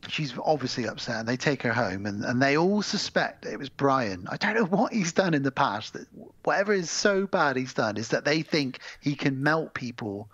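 A podcast co-host chats casually about films, joking, swearing, and acting out scenes in quick voices. His medium-pitched voice is very animated with a fairly bright tone. The recording is dry and lo-fi.

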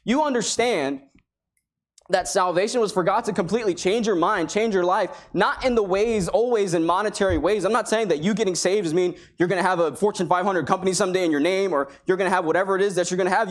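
A man's voice: high voice, fast. A man preaching a sermon in a church, talking in a conversational way and acting out the people he quotes. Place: church sanctuary.

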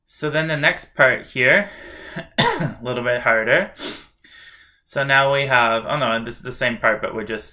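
Man teaching drum syllables over loud drumming. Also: medium pitch, a little slow, pauses often, loud music behind the voice. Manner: breaks into loud rhythmic chanting of syllables. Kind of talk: instructional demo, chanting drum syllables.

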